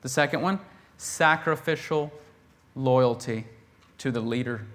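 A man preaching a sermon in a conversational way, reading scripture and acting out the characters with bursts of loud emphasis. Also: mid-range voice, measured pace, long pauses. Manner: animated, acts out the quoted characters with bursts of volume; conversational, with laughs and restarts.

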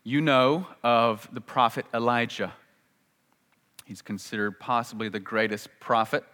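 Animated preacher man in a reverberant hall. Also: a little slow. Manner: animated storytelling, acts out quotes with big jumps in pitch and volume. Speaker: pastor. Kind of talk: sermon.

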